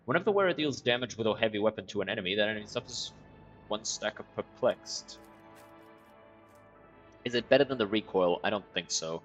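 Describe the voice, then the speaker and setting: A man's voice: on the low side, animated, brisk, fairly bright tone, soft background music. A man streaming a video game in casual commentary, reading in-game text aloud and reacting with wry, profane remarks. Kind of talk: casual let's-play commentary.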